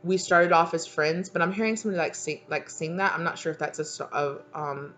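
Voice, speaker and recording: A woman's voice: sits low, steady tone, a little fast, a bit bright. A woman giving a casual, rambling channeled tarot reading, full of "like" and "okay". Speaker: tarot reader.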